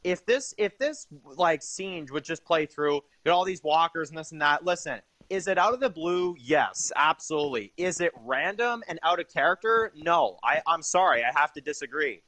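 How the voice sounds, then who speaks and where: Young male reviewer, a bit high-voiced, enthusiastic and rambling, casual delivery. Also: expressive, normal speed, few pauses, bright, forceful tone, no echo. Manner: enthusiastic, rambling with many fillers. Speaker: TV episode reviewer.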